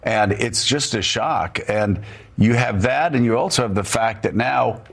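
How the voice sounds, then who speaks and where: A man's voice: mid-range voice, measured pace, creaky, breathy edge. A man hosting a political talk show, speaking emphatically and rambling with frequent restarts. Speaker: host.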